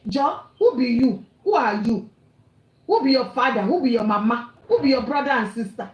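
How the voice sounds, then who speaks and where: High-pitched scolding Nigerian woman. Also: expressive, normal speed, reverberant, soft background music, low-quality recording. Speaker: online commentator. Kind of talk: angry rant.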